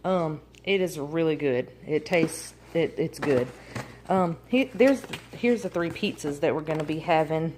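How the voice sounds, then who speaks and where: Chatty mom rambling through a grocery haul. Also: female voice, sits low, unhurried, darkish tone. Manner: chatty, rambling with many ums and likes. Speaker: family vlogger. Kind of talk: casual grocery haul vlog. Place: home kitchen. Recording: noisy home recording.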